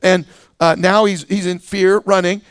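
A man with a fairly high voice delivers a sermon. He talks in a relaxed, conversational way, full of fillers and restarts. The sound is dry and close. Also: a little slow, clear, resonant tone, no room sound. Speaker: pastor.

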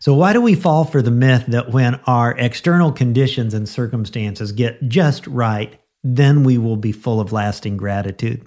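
A man's voice: medium pitch, normal speed, few pauses, darkish tone. Earnest man preaching a daily devotional. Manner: earnest, emphatic, with rhetorical repetition. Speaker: pastor and podcast host. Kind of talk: devotional sermon.

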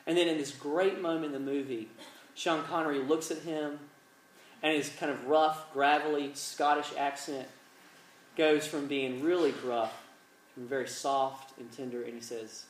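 Casting: male preacher, slightly higher voice, distant mic in a roomy hall. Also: fairly even intonation, moderate pace. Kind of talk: sermon with storytelling and prayer. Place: large room, evening gathering. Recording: echoey, distant mic, faint ambience.

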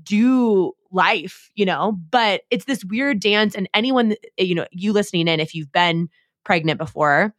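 A woman's voice: medium pitch, normal speed, fairly bright tone, dry recording, clean studio sound. A pregnant young woman co-hosting a podcast, chatting in a bubbly, gushing way full of fillers. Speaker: podcast co-host. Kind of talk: casual chat.

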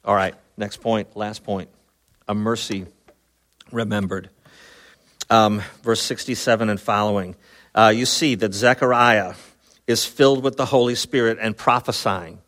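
A man preaching a sermon, retelling a Bible story in a lively, casual way with many fillers and quick voiced asides. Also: on the low side. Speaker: pastor.

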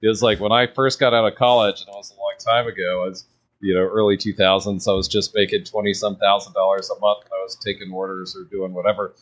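A man's voice: on the low side, flat delivery, fast. A man ranting casually on a podcast, rambling through his story with fillers and restarts. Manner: rambling, restarts with many fillers, laughs at own asides. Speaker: podcast guest.

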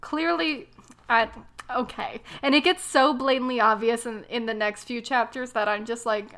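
Young woman co-host, slightly high voice, sarcastic and laughing, acts out quotes in casual chat. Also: steady tone, moderate pace, a bit bright.

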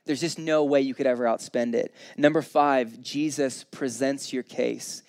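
A man's voice: medium pitch, fairly even intonation, unhurried, darkish tone. A man in his thirties preaching an informal, earnest sermon, counting through his points and acting out quotes in a conversational way. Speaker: pastor.

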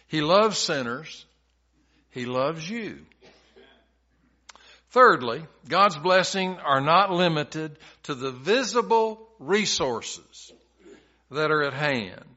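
A man's voice: on the high side, pushed and bright, muffled recording. A male pastor preaching a sermon, retelling scripture stories in plain, folksy everyday talk.

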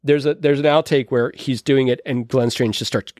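A man's voice: mid-range voice, steady tone, moderate pace, a little mellow, no echo, clean studio sound. Rambling, enthusiastic man in casual chat. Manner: rambling, many restarts, enthusiastic. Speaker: podcast host or guest discussing films.

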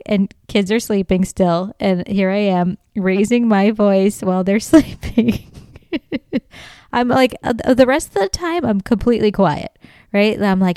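Brief: woman comic host, smooth clear voice, close and dry mic, animated storytelling, swears freely. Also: mid-range voice, a little slow, no room sound. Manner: animated, swears freely, laughs often, acts out quoted lines. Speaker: podcast host. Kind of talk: comedic storytelling monologue.

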